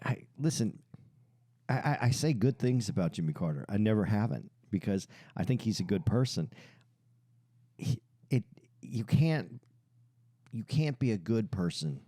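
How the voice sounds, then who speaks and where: A man's voice: fairly low pitch, animated, mellow, dry recording, clean studio sound. A man co-hosting a podcast, explaining his views earnestly with frequent restarts. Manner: halting, restarts often, lectures earnestly. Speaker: podcast co-host. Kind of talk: casual podcast discussion.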